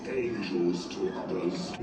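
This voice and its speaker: An actor playing a solemn demonic male Cenobite leader, speaking in a slow, grave, ceremonial way from a film. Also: sits low, loud music behind the voice. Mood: ominous. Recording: echoey distant film audio with loud score.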